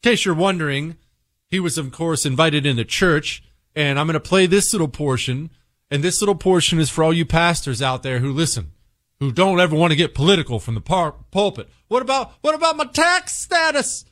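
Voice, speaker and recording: A man hosts a radio talk show, delivering an opinionated, sarcastic rant and reading sponsor spots earnestly, swinging between mocking high tones and a low earnest pitch. He speaks fairly quickly with a fairly bright tone, in a dry, studio-quality recording.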